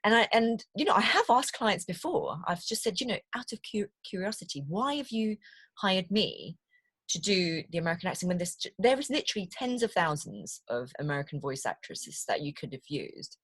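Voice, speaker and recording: A woman's voice: medium pitch, very animated, brisk, fairly bright tone, breathy edge, no echo. A British woman, a voiceover artist, chatting as a podcast guest, telling stories animatedly, laughing easily and repeating words as she starts sentences. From Britain. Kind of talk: casual interview chat.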